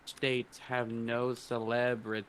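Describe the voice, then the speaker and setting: Speaking slowly in a mid-range voice, a podcast co-host from North Carolina drifts through casual anecdotes against slight background noise. He leans on "like" and does excited voices when quoting people.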